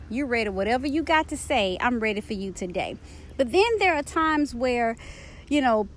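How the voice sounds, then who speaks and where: A woman hosting a podcast, talking candidly about painful events in a searching, personal way with casual slang, and reading a book passage aloud slowly. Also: a little high, a bit bright, slight background noise. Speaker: podcast host. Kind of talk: personal reflective monologue.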